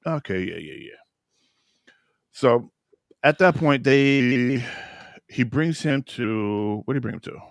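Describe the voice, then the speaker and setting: Low raspy guy chatting about a show, lots of restarts, dry sound. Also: expressive, slow, pauses often, dry recording. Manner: rambling, many restarts and fillers. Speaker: podcast co-host. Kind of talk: casual chat recapping a TV episode.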